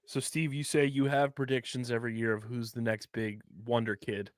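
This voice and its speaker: A man's voice: medium pitch, little pitch movement, brisk, no echo. A man hosting a casual chat, teasing and hyping up his friends.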